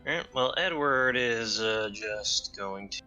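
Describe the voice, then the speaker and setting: A man playing his character in a tabletop game, relaxed and thinking aloud with fillers. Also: mid-range voice, takes it slowly, faint music behind. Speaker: player.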